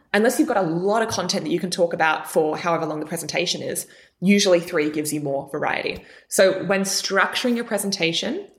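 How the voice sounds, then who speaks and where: A young adult woman speaking as a guest coach in a podcast interview, animated and expressive, shifting her pitch for emphasis.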